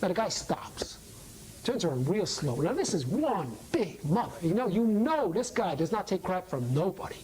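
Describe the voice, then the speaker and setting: A woman tells a streetwise first-person story in a loose, chatty way, her pitch swinging widely as she talks. Her voice sits on the low side, and she often sinks into a hushed whisper for effect. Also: big pitch swings, moderate pace, slight background noise, poor audio. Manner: streetwise, conversational, dropping to whispers.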